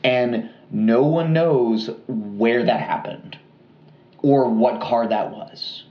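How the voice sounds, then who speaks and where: A man's voice: mid-range voice, extremely slow, roomy sound, dull audio. Chatty man telling a true crime story. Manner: relaxed, rambling with fillers and restarts. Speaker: podcast co-host.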